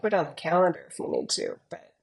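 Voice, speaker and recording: A middle-aged woman chatting on a podcast with a gravelly edge and a husky, breathy tone. She talks playfully and laughs often. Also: lowish voice, huge pitch swings, fast talker, low-quality recording. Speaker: podcast guest. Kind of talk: casual chat.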